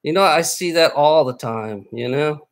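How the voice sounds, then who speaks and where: Slightly high-voiced man ranting and swearing at his chat, tripping over his words. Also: normal speed. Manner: angry, profane, repetitive, stammering restarts. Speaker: livestreamer. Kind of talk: casual live stream rant.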